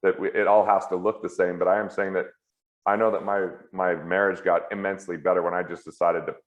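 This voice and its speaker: A man as an interview guest at home, talking earnestly and candidly in quick heartfelt bursts. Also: deep voice, little pitch movement. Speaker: guest, financial author and comedian. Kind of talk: earnest reflective conversation. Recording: roomy, slightly dull sound.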